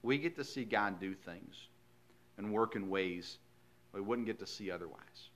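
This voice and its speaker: A male pastor preaching a sermon in a folksy, earnest storytelling way, swinging from hushed lines to loud emphasis. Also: fairly low pitch, unhurried.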